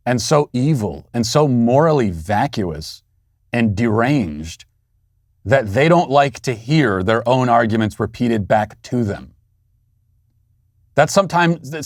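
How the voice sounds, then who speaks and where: A man in his thirties delivers a political commentary monologue as the host, sarcastic and indignant. His voice sits at an ordinary middle pitch. The sound is close and dry, with no room echo.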